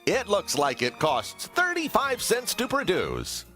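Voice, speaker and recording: An actor playing a vain, self-important superhero host in a TV cartoon, reading with pompous, theatrical flair. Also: male voice, high voice, wildly swooping pitch, a little slow, pushed and bright, soft background music, heavily acted. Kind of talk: TV cartoon voice acting.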